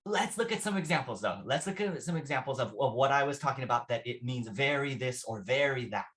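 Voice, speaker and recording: Male English teacher, mid pitch, patient explainer, repeats himself, checks in with "right?". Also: animated, a little fast, fairly bright tone. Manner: patient, repeats phrases, asks "right?" often. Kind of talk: classroom vocabulary lesson.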